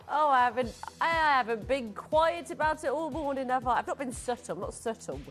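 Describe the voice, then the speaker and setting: A woman's voice: high-pitched, expressive, moderate pace, faint music behind. A woman hosting a live TV shopping show, selling jewelry in chatty, self-mocking patter while congested and throaty from hay fever. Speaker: shopping channel host. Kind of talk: live TV sales presentation.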